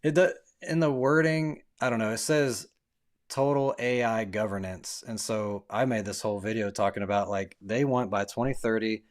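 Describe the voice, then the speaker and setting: A man's voice: fairly low pitch, moderate pace, hardly any pauses. A man who runs a ministry, talking as a podcast guest in a casual, earnest way, full of "like" and "dude". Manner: earnest, storytelling, fillers like "dude" and "like". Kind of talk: casual chat.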